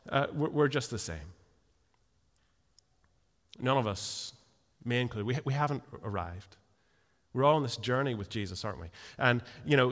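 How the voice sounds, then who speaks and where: A man preaching a sermon in a church hall, telling the story in a lively way and slipping into quick voiced asides, often restarting his words. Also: mid-range voice. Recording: long hall reverb.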